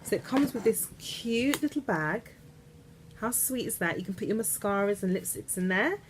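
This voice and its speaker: A woman's voice: mid-range voice, lively intonation, moderate pace, noisy background. Gushing woman vlogging from bed. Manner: chatty, gushing, trailing off and restarting. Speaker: beauty vlogger. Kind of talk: casual chat to camera. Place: in bed at home.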